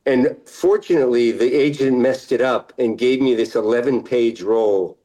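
A middle-aged man, an actor guest in a casual interview, relaxed and laughing often, sometimes trailing off mid-sentence. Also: medium pitch, moderate pace, low-quality recording.

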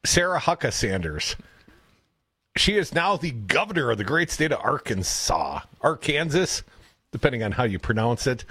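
A man's voice: medium pitch, fairly quick, slightly rough, no room sound. A man co-hosting a radio talk show, joking sardonically through political banter from a studio microphone. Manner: sardonic, jokey, animated. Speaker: radio co-host.

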